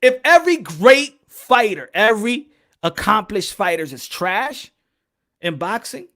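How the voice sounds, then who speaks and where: A male boxing podcast host delivers a solo rant that is fiery and foul-mouthed, hammering the listener with repeated rhetorical questions. His high voice swings widely in pitch and sounds pushed and bright, though his pace stays measured.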